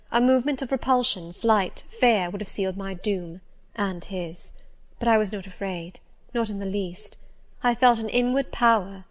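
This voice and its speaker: A woman narrates a classic novel in the first person as an audiobook. Her reading is measured and composed, in a mid-range voice. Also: mid-range voice.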